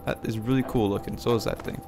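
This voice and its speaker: Gravelly man rambling over gameplay. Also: lowish voice, fairly even intonation, quick pace, over music. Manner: rambling, swearing, jumpy outbursts. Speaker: gameplay commentator. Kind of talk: let's play commentary.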